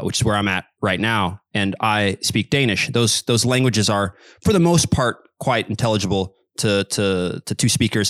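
A young man chatting on a podcast, telling a story in an animated way and laughing now and then. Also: lowish voice, no echo, studio quality. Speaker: podcast guest. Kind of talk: casual storytelling. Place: home room in Sweden.

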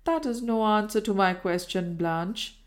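Woman reading a demanding, insistent gentleman from a period audiobook. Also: medium pitch, unhurried, natural voice. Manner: forceful, demanding. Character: insistent gentleman pressing a former lover.

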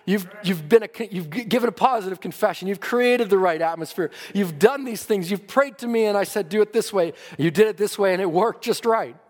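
High-voiced preacher in a reverberant hall. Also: male voice, fairly quick, few pauses. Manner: earnest preaching, rising and falling in emphasis. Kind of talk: sermon.

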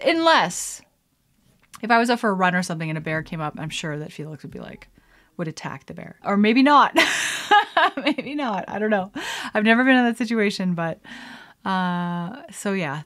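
A woman's voice: lowish voice, a bit bright. A woman hosting her own podcast, chatting casually and rambling with many fillers and laughs. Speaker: podcast host. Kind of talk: casual solo podcast chat.

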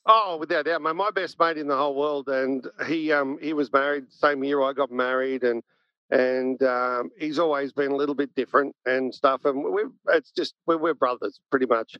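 A man in casual conversation, a blunt and animated storyteller who swears and laughs easily. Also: mid-range voice, normal speed, no room sound. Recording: dry, dull lo-fi sound.

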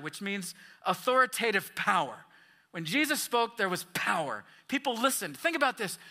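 Bright, high-voiced preaching man. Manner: emphatic, rising and falling preaching with questions to the congregation. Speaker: pastor. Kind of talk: sermon.

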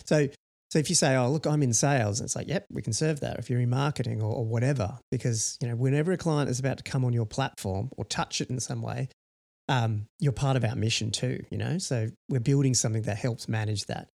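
A man's voice: mid-range voice, fairly quick, creaky, darkish tone. A man co-hosting a startup podcast in casual chat, rambling and full of "you know" fillers. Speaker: podcast co-host, startup founder.

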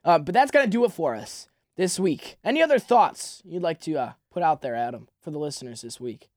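A man's voice: on the high side, lively intonation, a little fast, no room sound, studio quality. Heated man ranting on a podcast. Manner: heated, exasperated, many restarts. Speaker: podcast host. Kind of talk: sports podcast rant.

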